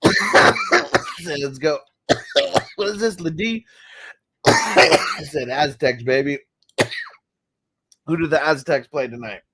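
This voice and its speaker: A man's voice: fairly high pitch, huge pitch swings, takes it slowly, pauses often, bright, forceful tone, breathy edge. Chill slangy dude chatting on his stream, coughs here and there. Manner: laid-back, slangy, coughing between dabs. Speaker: livestream host. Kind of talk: casual livestream chat reading comments.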